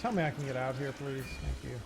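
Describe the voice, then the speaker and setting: A man streaming a video game, chatting casually, swearing and reacting out loud as he plays. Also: mid-range voice, a little fast, gravelly, music in the background. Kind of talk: casual gameplay commentary.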